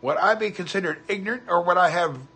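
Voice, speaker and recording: A man with a Southern US drawl hosts a casual livestream, talking in a friendly, folksy way. His voice sounds husky, with a bright, forward edge and a slightly high pitch. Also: fast. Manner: folksy, chatty, greets viewers by name. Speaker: livestream host. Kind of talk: casual livestream chat reading comments.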